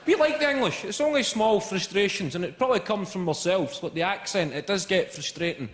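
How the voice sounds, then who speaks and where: A man with a Scottish accent performing a live stand-up routine, telling animated stories and laughing at his own jokes. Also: high voice, brisk. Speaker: stand-up comedian. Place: large theatre stage. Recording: echoey hall, loud audience laughter.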